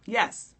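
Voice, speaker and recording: A hoarse woman who coughs now and then, giving a candid, informal live-stream talk on prayer and speaking straight to her viewers. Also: pushed and bright. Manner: candid, informal, preacherly direct address. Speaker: motivational speaker.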